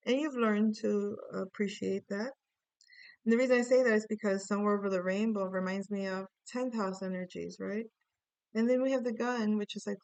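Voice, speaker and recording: A woman's voice: medium pitch, darkish tone, smooth, no echo. A woman giving a casual, playful tarot reading, chatting to her viewers while recording on her computer. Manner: chatty, playful, sings snatches of song. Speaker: tarot reader.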